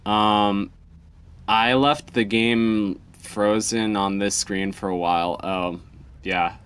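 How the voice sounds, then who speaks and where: A man's voice: lowish voice, steady tone, slow pace, a bit bright, clear, resonant tone. A young man hosting a let's play, rambling in casual gameplay commentary with plenty of ums and self-deprecating asides. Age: young adult.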